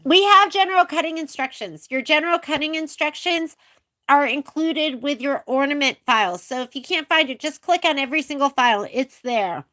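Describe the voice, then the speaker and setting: A woman's voice: high-pitched, normal speed, sharp tone. A woman hosting a casual live sewing demonstration, chatting with viewers, answering their questions and laughing often. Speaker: sewing shop host. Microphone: handheld phone while filming.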